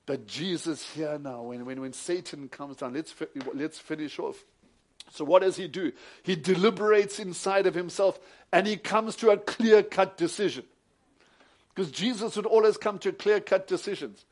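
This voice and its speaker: A man delivering a sermon, his voice sitting slightly high. He drops to a quiet, close telling of a story, then rises into loud, forceful preaching. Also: normal speed. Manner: shifts from hushed storytelling to loud emphatic preaching.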